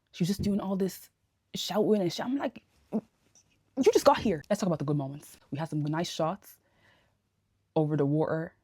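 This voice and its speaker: A woman giving a casual spoken TV review into a phone camera, ranting in an animated, exasperated way full of slang. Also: lowish voice, slightly rough, dry recording. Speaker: TV review vlogger. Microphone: phone camera held close.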